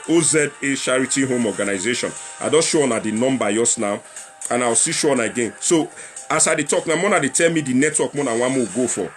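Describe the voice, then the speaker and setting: A young man with a Nigerian accent hosting a casual livestream talk show, chatting and repeating himself as he appeals to viewers and slips into Pidgin. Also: medium pitch. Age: young adult.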